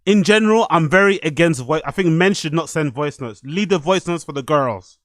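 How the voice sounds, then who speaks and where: A man's voice: on the high side, brisk, dry recording. A man hosting a podcast, giving loose, profane, rambling commentary and often asking "you know what I mean". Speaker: podcast host. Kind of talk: casual commentary.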